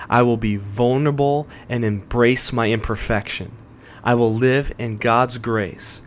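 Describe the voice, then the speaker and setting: Slow, solemn low-voiced podcast host. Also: male voice, a little hiss or hum. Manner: measured, solemn recitation. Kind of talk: reciting a closing commission.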